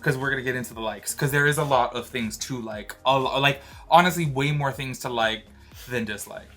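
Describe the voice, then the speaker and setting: A man rambles through his cruise review in an easygoing, filler-heavy way. His voice sits at a middling pitch, and faint music plays behind him in a ship cabin. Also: fairly quick, a bit bright. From Georgia, USA. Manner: chatty and rambling, many fillers. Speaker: vlogger. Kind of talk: casual travel vlog chat.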